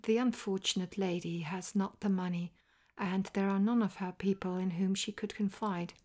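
A woman's voice: medium pitch, fairly even intonation, close to an everyday voice. Sherlock Holmes, a cool detective whispered by a woman. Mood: calm resolve. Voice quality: soft, half-whispered. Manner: measured and resolute. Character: cool, self-assured male detective. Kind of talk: whispered role-play.

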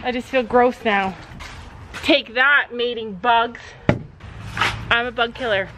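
A woman vlogging casually to her viewers, chatty and animated as she talks straight to the camera from her backyard. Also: fairly high pitch, takes it slowly, noisy background. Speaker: family vlogger. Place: outdoors in a backyard.

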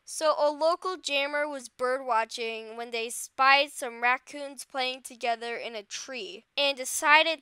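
A woman doing dramatic, excitable commentary over her game, swinging between wailing and squealing. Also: sits high, unhurried, no room sound. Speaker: game video creator. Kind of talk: gameplay commentary.

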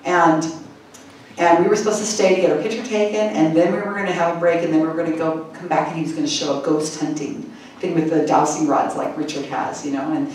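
A woman speaker at a conference, telling an animated story and mimicking people in high squeaky voices, laughing often. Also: fast. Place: conference hall. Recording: echoey hall, mic far off, faint room hum.

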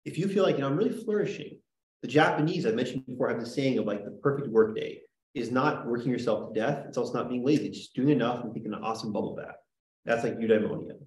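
A man's voice: medium pitch, fast, darkish tone. Chatty male teacher, echoey classroom. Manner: chatty, jokey, lots of "right?" and "like". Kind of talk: classroom lecture.

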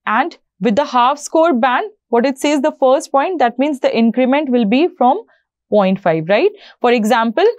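A woman's voice: high voice, animated, moderate pace, darkish tone, no echo, clean studio sound. A woman explaining an exam format to learners, often checking in with "right?" and "you know". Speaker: IELTS instructor.

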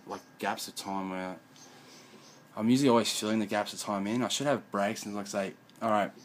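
A man's voice: fairly low pitch, fairly even intonation, a little fast, slight background noise, rough recording. A man rambling in a profane vlog monologue at home, often mumbling.

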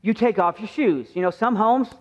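A middle-aged pastor with a high, darkish voice preaches at a moderate pace in a church sanctuary, speaking conversationally and acting out the voices he quotes. The church sound is muffled, with long reverb.

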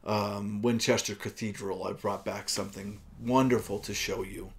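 A man's voice: on the low side, fairly even intonation, moderate pace, close to an everyday voice. A man reading out the lines of an eager male therapist in an upbeat tone, close to his own voice.

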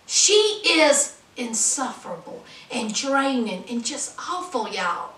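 A woman's voice: high voice, sing-song, slow pace, hardly any pauses, a bit bright. A woman giving a sassy, blunt casual recap of a reality show episode, recorded in an echoey room with the mic at a distance.

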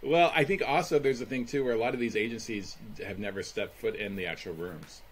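A man co-hosting a podcast as a stand-up comedian, talking in a relaxed, rambling way with plenty of fillers. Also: medium pitch, a little fast, breathy edge. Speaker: podcast co-host. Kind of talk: casual chat.

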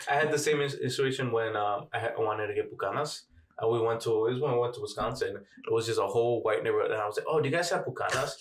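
A man co-hosting a podcast, relaxed and swearing often in casual talk. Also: mid-range voice, fast, far from the mic. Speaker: podcast co-host. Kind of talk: casual chat. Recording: roomy, from off mic.

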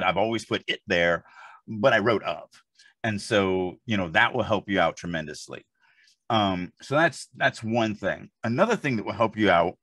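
A podcast co-host chats casually in a low-ish, fairly bright voice on a dry recording. He talks emphatically and rambles, filling his speech with asides.

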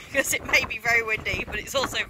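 A woman's voice: fairly high pitch, fast. A woman chatting casually outdoors on a farm, filming her animals with a handheld camera and teasing them as she talks. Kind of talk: casual vlog narration. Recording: wind buffeting the mic. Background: strong wind noise.

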